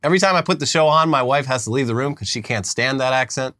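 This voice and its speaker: A man co-hosting a comedy podcast, trading deadpan jokes and dropping low for punchlines. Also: fast talker. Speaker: podcast co-host. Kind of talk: casual comedic chat.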